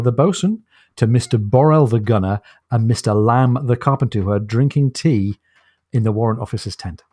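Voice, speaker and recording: A man's voice: medium pitch, darkish tone, no echo. Enthusiastic guy chatting about a book on a podcast, dry close sound. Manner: enthusiastic, recounts the story with frequent laughs. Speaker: podcast co-host. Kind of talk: casual book discussion.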